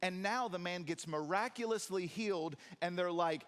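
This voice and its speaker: A man preaching a sermon in a church, animated and acting out scenes in different voices with jokes for the congregation. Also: high-pitched, normal speed, smooth. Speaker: pastor. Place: church sanctuary.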